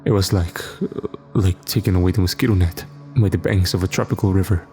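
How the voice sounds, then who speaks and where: Male horror narrator, low steady voice, faint music under. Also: a little fast. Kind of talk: scripted first-person horror narration.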